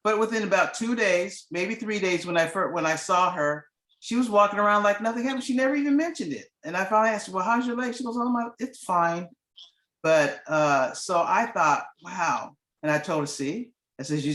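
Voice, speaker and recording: Middle-aged woman, chatty testimonial storyteller, low for a woman, echoey room; rambles and restarts. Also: brisk, a bit bright. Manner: rambling, restarts often, acts out quoted dialogue. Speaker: guest giving a testimonial. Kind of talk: casual storytelling.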